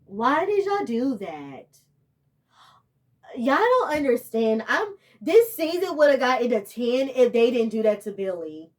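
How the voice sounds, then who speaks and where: A woman's voice: fairly high pitch, big pitch swings, a little slow. A young woman, giving a casual, rambling and exasperated review of a TV show.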